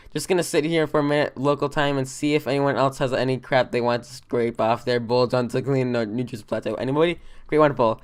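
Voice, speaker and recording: A man's voice: medium pitch, clear, resonant tone, lightly acted. A man voicing an exasperated troll leader. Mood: bossy. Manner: exasperated, ranting, rambling. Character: irritable bossy young male troll leader. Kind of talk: fan dub of a webcomic.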